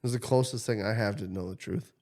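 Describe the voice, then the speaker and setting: A man's voice: lowish voice, brisk. Midwest guy on a podcast telling a story, cussing, doing everyone's voices. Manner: animated, swears freely, acts out quotes. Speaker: podcast co-host. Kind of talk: casual storytelling chat.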